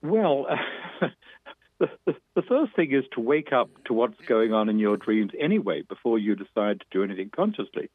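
A man with a New York accent, an author and dream teacher, explaining fervently and fast as an interview guest, with frequent restarts. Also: mid-range voice, sing-song, no room sound. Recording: tinny phone line.

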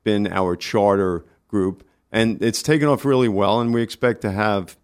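A man with a New York accent, a guest on a casual radio interview, talking in halting bursts with many restarts. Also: lowish voice, clean tone. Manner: halting, restarts often, friendly. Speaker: community organizer guest.

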